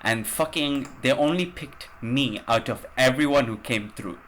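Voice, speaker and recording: A man's voice: mid-range voice, measured pace, fairly bright tone, slight background noise. A man hosting a podcast, telling a travel story in a rambling, casual way, swearing and using lots of fillers. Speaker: podcast host.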